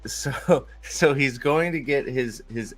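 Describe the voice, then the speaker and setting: A man's voice: mid-range voice, slow, over music. A man hosting a casual livestream, who jokes, rambles and swears as he chats. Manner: joking, rambling and profane. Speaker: streamer host.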